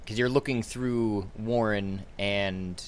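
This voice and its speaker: A man running a tabletop game as game master, describing scenes in a halting way with many restarts. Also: lowish voice, fairly even intonation, slight background noise.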